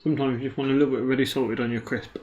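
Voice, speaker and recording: A man's voice: medium pitch, little pitch movement, rapid-fire, a little mellow, muffled recording. A British man co-commentating a card game match in casual chat, with dry jokes and offhand asides.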